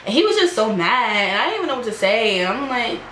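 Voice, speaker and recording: A woman's voice: fairly high pitch, sing-song, fast talker, fairly bright tone. A young woman telling a personal story in a casual storytime vlog, chatty, filling her talk with "like" and laughing at herself as she acts out what people said. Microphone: camera microphone. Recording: echoey room, faint background noise.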